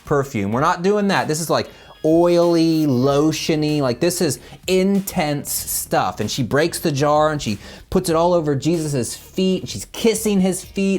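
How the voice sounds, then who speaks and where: Lively man telling kids a Bible story. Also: on the high side, measured pace, faint music behind. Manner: animated, explains to children and checks in with "okay?". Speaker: children's Bible teacher.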